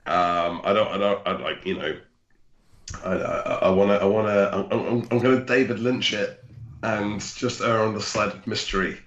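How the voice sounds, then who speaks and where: A male guest on a podcast whose low voice has a bright, sharp edge. He stalls and restarts, teasing and evasive about his plans. The sound carries a noticeable room echo. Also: steady tone, normal speed, muffled recording. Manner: hesitant, playfully evasive, laughs. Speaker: guest comic artist. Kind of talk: casual chat. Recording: roomy echo.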